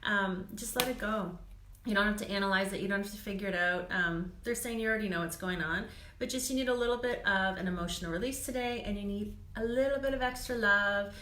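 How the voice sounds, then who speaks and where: Talking fast in a mid-range, sharp voice, this woman gives live card readings to her viewers as a psychic. Her manner is chatty and comforting, with frequent laughter and "um" filling the pauses. The room has noticeable echo.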